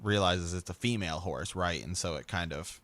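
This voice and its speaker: A man's voice: deep voice, moderate pace. A man co-hosting a podcast, chatting casually about a book and reading passages aloud. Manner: reads passages aloud, agreeable, animated asides. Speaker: podcast co-host.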